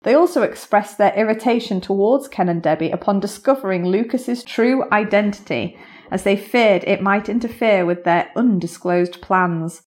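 A woman's voice: mid-range voice, moderate pace, darkish tone. A woman hosting a podcast, narrating a scripted story and chatting with a guest, laughing at her own slips. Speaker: podcast host.

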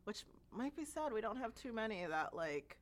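A woman co-hosting a podcast in casual chat, enthusiastic and effusive, with quick reactions as she guesses. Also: on the high side, big pitch swings. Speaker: podcast co-host, guessing player.

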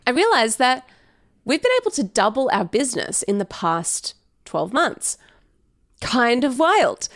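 A woman's voice: mid-range voice, dry recording. A chatty woman talks straight into a close studio mic, the sound dry and close with no room around it. She hosts her own podcast in a loose, upbeat way and pokes fun at herself as she goes. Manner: chatty, upbeat, self-deprecating, laughs often. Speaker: podcast host. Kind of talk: casual solo podcast chat. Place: home recording setup. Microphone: headphones and studio mic.

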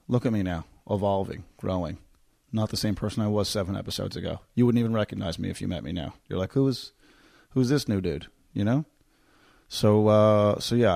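A man's voice: on the low side, creaky, darkish tone, dry recording, clean studio sound. A Canadian man hosting a podcast, chatting casually and poking fun at himself, with lots of fillers. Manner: chatty, self-mocking, many fillers. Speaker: podcast host. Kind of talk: casual chat.

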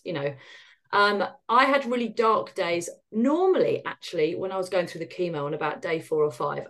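A middle-aged woman speaks as a guest on a podcast. Her delivery is candid and wry, animated as she tells her story, slipping into the voices of people she quotes. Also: fairly low pitch.

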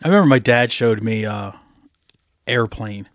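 A man co-hosting a podcast, chatting casually, swearing freely, and retelling comedy movie scenes with lively impressions. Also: fairly low pitch, normal speed, no room sound, studio quality. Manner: animated storytelling, swearing, acting out movie lines. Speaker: podcast co-host. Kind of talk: casual chat.

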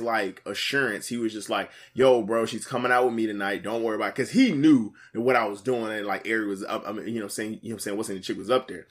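A man casually telling a story in slang, animated, jumping to a higher voice when he quotes people.

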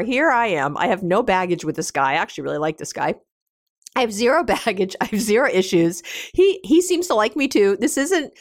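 A woman hosting an advice podcast as a couples therapist, talking casually with lots of fillers, restarts and lively emphasis. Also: medium pitch, no room sound, clean studio sound.

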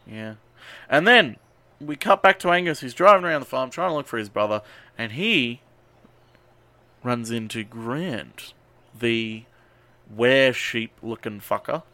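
A man's voice: medium pitch, animated, unhurried, long pauses, bright, forceful tone, no room sound. A man on a podcast casually recapping a movie, swearing and rambling with lots of ums and uhs. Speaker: podcast host.

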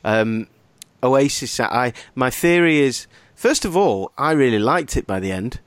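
A man's voice: mid-range voice, a little slow, dry recording. A man hosting a podcast, chatting casually and ranting with exasperation and the odd swear. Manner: animated, swearing, exasperated rants. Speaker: podcast host. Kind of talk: casual chat.

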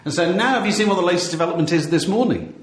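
A man's voice: high-pitched, animated, racing, reverberant, slight background noise. A man hosting a podcast, chatting casually and telling wry stories with frequent laughs. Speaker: podcast host. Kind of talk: casual chat.

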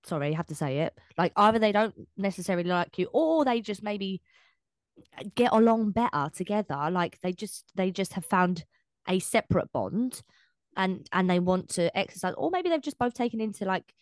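A woman co-hosting a podcast in casual chat, animated, swearing freely and acting out what people say. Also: medium pitch, moderate pace, no echo. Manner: animated, swears, acts out quoted speech. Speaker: podcast co-host.

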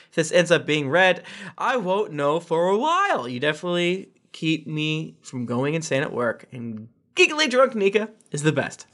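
A man with a fairly high-set voice reads listener reviews on his podcast. He keeps it loose and casual, cutting in with jokey asides and little chuckles between the quotes. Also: a bit bright. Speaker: podcast host.

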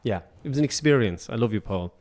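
A man's voice: mid-range voice, lively intonation, quick pace, a little mellow. A man with an Irish accent, a guest actor on a podcast, chatting casually, swearing freely and laughing often. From Ireland, County Meath.

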